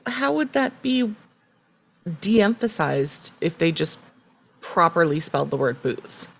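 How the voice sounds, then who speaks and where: A woman co-hosting a podcast in casual chat, opinionated and quick to laugh. Her pitch swings widely as she talks, which gives her a lively, expressive sound. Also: vocal fry. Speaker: podcast co-host.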